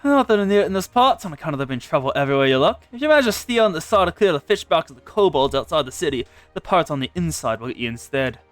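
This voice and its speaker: Man putting on a gruff salty barkeep voice, rough sailor's brogue, game dialogue read aloud, dry close sound. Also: on the high side, big pitch swings, fast, hardly any pauses, no room sound, faint music behind. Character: gruff male tavern owner, old sea dog.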